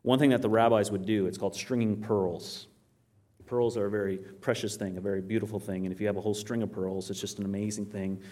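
A man with a fairly low voice talks fast as he preaches a sermon on Bible teaching. He tells stories in an animated way, reads scripture aloud, and poses questions to his listeners that he then answers himself.

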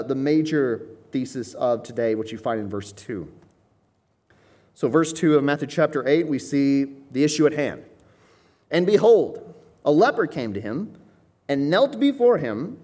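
Male Bible teacher, slightly high voice, relaxed explanatory delivery with filler words. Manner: loose and explanatory, with frequent "uh" fillers and restarts. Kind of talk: conversational Bible study teaching.

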